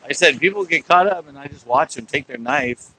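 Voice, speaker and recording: Fishing from a pier outdoors, a man chats casually with his livestream viewers, laughing and talking back at sea lions. His voice is a little high, bright, forceful and expressive, and he talks briskly over slight background noise on a low-quality recording.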